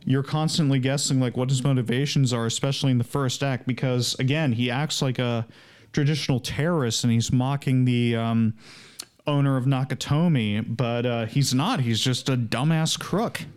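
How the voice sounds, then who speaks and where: A man co-hosting a podcast, talking about films in a relaxed, chatty, wry way. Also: medium pitch, moderate pace. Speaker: podcast co-host. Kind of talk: casual movie discussion.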